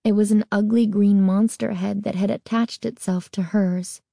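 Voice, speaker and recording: A woman narrating a children's horror novel in a measured, deliberate reading. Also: medium pitch, steady tone, creaky, mellow, no echo, studio quality. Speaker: audiobook narrator. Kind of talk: scripted narration.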